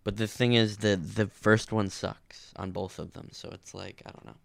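A man's voice: fairly low pitch, fairly even intonation, normal speed, vocal fry, dry recording, studio quality. A man co-hosting a podcast in casual chat, rambling and profane, going off on tangents. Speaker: podcast co-host.

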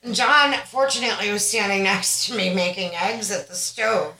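A woman in her thirties co-hosting a podcast with friends, telling stories in a chatty, animated, reflective way. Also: medium pitch, normal speed. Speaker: podcast co-host. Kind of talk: casual chat. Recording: roomy echo.

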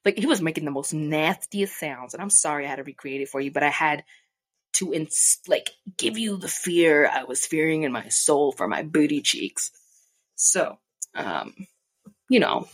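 Young woman, low voice, casual storytime vlog, swears a lot and acts out quotes. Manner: animated, profane, acts out quoted people. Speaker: vlogger. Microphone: desk mic.

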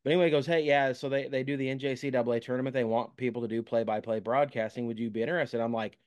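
A man hosting a casual podcast interview, telling stories in a relaxed, self-deprecating way. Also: medium pitch, very fast, few pauses. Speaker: podcast host.

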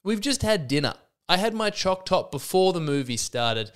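A man's voice: sits high, very animated, moderate pace. A man in his thirties hosting a podcast, ranting in an exasperated, sarcastic way with many restarts, and a little sick. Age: 30s. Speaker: podcast host. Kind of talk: comedic solo rant.

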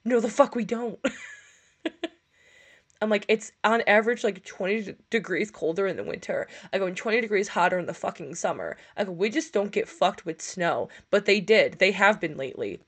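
A young woman from upstate New York co-hosts a casual podcast over push-to-talk voice chat, telling rambling, profane stories punctuated by laughter. Her husky, mid-range voice has lively intonation and a moderate pace.

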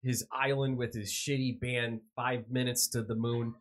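A man's voice: mid-range voice, little pitch movement, measured pace. A man hosting a casual podcast, ranting crudely with heavy swearing. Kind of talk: casual chat.

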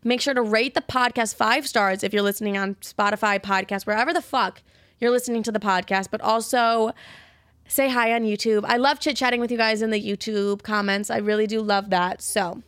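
A woman's voice: medium pitch, fairly even intonation, fairly quick, a bit bright, clean tone, dry recording, studio quality. Candid, profane young woman podcaster. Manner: candid, profane, chatty, self-deprecating. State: slightly out of breath. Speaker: podcast host. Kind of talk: casual solo podcast chat.

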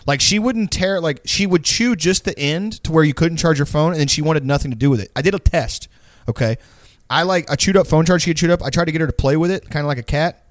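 A man's voice: a little high, fast talker, dry recording, clean studio sound. A young man telling a long, profane, rambling story in casual chat.

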